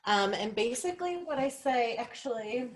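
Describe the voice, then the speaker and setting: A woman's voice: a little high, lively intonation, normal speed. A young woman giving a casual, chatty training for her sales team over a video call, full of fillers, restarts and jokes at her own expense. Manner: chatty, self-deprecating, many fillers and restarts.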